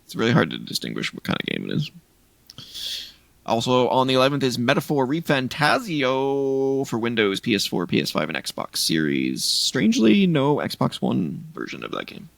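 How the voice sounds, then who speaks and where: Podcast co-host, male, low gravelly voice, animated and rambling, dry recording. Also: normal speed, no room sound. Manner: rambling, listing game releases with restarts. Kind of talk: casual chat.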